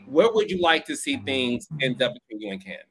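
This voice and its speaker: A man hosting a podcast, asking measured interview questions. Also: mid-range voice, big pitch swings, fairly bright tone, husky. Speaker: podcast host.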